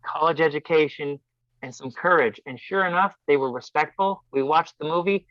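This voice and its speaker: A man telling a personal story as a podcast guest, animated and acting out voices. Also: fairly high pitch, normal speed, no echo. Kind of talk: casual storytelling. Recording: dull dry lo-fi sound.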